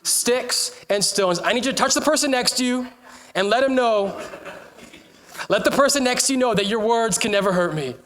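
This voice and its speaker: A young man's sermon in a raised, high-pitched voice, breezy and conversational as he jokes with the congregation. He sometimes lifts his voice to a shout to get the room to answer. He speaks as a pastor addressing his church. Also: expressive, brisk.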